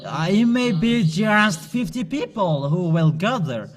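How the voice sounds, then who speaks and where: A man delivers a sermon in a high voice at an unhurried pace. He speaks haltingly, pausing and restarting often as he admonishes his listeners directly. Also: sing-song. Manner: halting, with frequent pauses and restarts. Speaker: preacher.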